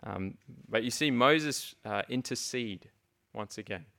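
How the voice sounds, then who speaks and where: A man's voice: medium pitch, unhurried, creaky, sharp tone. A man teaching through a Bible passage, reading verses aloud and explaining them in an earnest, conversational way with frequent restarts. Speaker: preacher.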